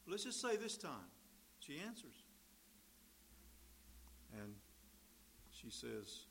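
A man's voice: a little high, sing-song, very slow, gravelly, long pauses, a bit bright, a little hiss or hum. A man preaching a sermon in a conversational way, acting out little quoted exchanges and asides as he explains the text. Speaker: pastor.

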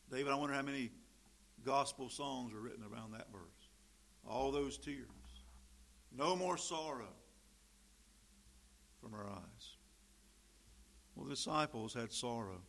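A middle-aged man preaching a sermon, swinging from loud emphatic stresses to quiet asides. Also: mid-range voice, gravelly. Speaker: pastor.

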